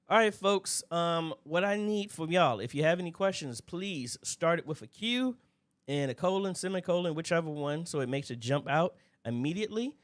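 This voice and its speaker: Casting: man, livestream host, relaxed and chatty, reads out viewer names. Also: fairly high pitch, clear, resonant tone. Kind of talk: casual livestream Q&A.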